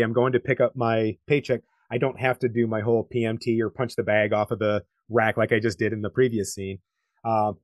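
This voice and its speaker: A man's voice: medium pitch, no room sound. A man from Detroit, talking animatedly and rambling in a casual film podcast. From Detroit, USA. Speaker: podcast co-host.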